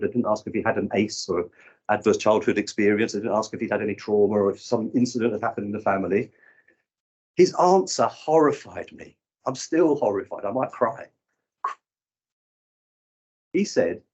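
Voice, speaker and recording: A man's voice: lowish voice, breathy edge, highs cut off. A man in his fifties speaking at a conference session, telling stories and acting out what people said. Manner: animated storyteller acting out quoted people. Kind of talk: live breakout session talk. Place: conference room.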